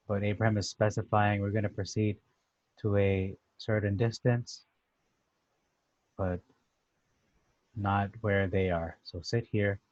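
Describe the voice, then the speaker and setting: Low-voiced man explaining scripture. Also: darkish tone, no room sound, dull audio. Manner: thoughtful, conversational, restarts with "uh". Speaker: Bible teacher. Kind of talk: casual scripture commentary.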